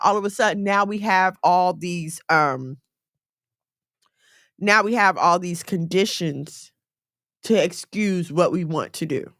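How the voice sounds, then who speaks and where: A woman giving a conversational sermon in a direct, animated way, mixing scripture with everyday slang. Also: fairly low pitch, slow, pauses often, dry recording, clean studio sound. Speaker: faith teacher.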